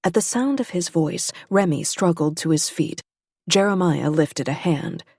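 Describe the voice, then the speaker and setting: Low, husky woman narrating a story. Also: expressive, a little slow, a little mellow, no room sound, clean studio sound. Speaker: audiobook narrator. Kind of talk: scripted narration.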